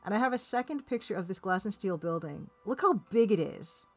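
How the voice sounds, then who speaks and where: A woman's voice: medium pitch, lively intonation, fairly quick, faint music behind. Chatty woman streamer, rambling. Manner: chatty, rambling, laughs often, reads chat aloud. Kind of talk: casual live-stream chat.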